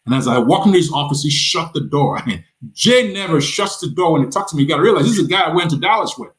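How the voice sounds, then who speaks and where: Animated man telling his story. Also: a little high, quick pace, low-quality recording. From Nigeria. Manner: animated storyteller, acts out the quoted voices, frequent stammered repeats. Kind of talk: storytelling interview.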